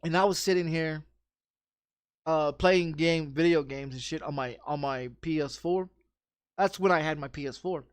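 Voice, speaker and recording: A man's voice: a little high, normal speed, smooth, no echo. A man telling a rambling story in casual chat, swearing often and repeating himself with frequent restarts. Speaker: streamer.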